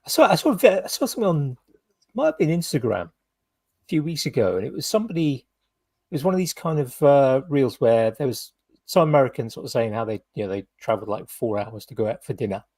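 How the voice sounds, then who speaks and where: A British man hosts a laid-back podcast, winding through his stories with endless "kind of" and "you know". His voice is slightly husky and recorded dry and close. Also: mid-range voice, very animated, fairly quick, a little mellow, no echo. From United Kingdom. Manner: rambling, full of "kind of" and "you know" hedges. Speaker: podcast host. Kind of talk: casual podcast chat.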